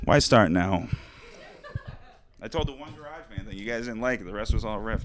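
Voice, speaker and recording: A man doing loose stand-up, riffing with dark, profane, self-deprecating jokes. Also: fairly low pitch, expressive, brisk, pauses often, crowd noise. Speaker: stand-up comic.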